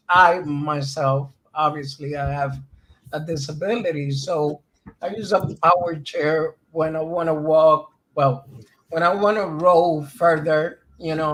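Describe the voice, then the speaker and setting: A man's voice: fairly high pitch, a bit bright. A man hosting a casual crypto live stream over a voice call, speaking in a laid-back way and laughing easily. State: voice changes easily, sometimes strained.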